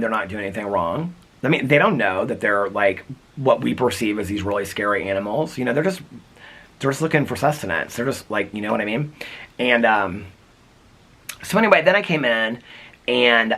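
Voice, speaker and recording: A man vlogging on his front porch, telling a rambling story in a chatty, casual way with quick asides. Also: on the low side, sharp tone.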